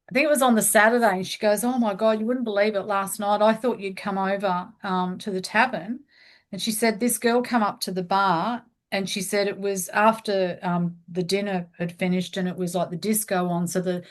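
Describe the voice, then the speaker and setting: A chatty woman hosting a relaxed podcast conversation. She tells long stories at an even, mid-range pitch and slips into the voices of the people she quotes. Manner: chatty storyteller, acts out quotes. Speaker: podcast host. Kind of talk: casual conversation.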